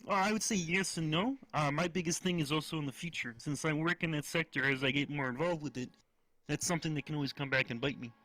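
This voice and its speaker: Man, talk show guest, bright tense voice, dry close sound, laid-back chat. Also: on the high side, fast, no echo, poor audio. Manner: laid-back, easily amused answers. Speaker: guest voice impressionist. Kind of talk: casual chat.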